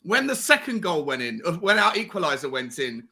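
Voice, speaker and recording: A man's voice: on the high side, big pitch swings, a little fast, sharp tone. A man co-hosting a casual live stream, eagerly quizzing a friend about a shared moment. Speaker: co-host.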